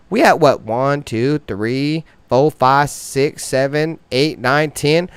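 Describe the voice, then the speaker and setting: A man hosting a fan sports show, delivering swaggering, heavily profane trash talk in slang that grows loud and high-pitched when he gets worked up. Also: lively intonation, takes it slowly, smooth, dry recording.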